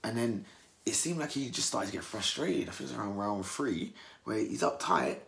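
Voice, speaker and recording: A man's voice: normal speed, gravelly. A young man from England, giving a casual post-fight reaction and acting out the fighters in mocking voices. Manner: animated, acts out fighters' words in mocking high voices. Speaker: boxing commentator.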